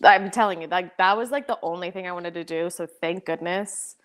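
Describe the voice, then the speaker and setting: A young American woman in casual interview chat, talking fast with many "like" fillers and frequent laughs. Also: on the low side, a bit bright. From United States. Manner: chatty, lots of "like" fillers, laughs often. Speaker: podcast guest, pro soccer player.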